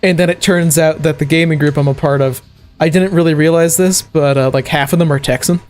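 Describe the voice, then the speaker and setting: A man's voice: fairly high pitch, fairly even intonation, fairly quick, a little mellow. A man from the American South streaming a video game, rambling in a chatty way with frequent laughs and fillers. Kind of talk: casual gameplay chat. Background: faint game music.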